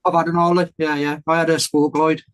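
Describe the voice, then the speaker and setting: A man from the United Kingdom rambles through his stories in casual chat, speaking in a slightly higher register. He talks in fits and starts, with plenty of restarts and easy swearing, heard over a video call. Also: little pitch movement, brisk, a bit bright. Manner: rambling, full of fillers and restarts, swears freely. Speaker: podcast guest, ex-soldier motovlogger.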